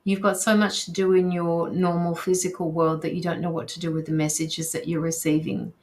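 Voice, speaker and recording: A woman's voice: fairly low pitch, level tone, brisk, darkish tone. A woman hosting a live tarot reading, reading viewer comments aloud and reassuring the sitter, with frequent ums and restarts. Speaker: tarot reader hosting a livestream.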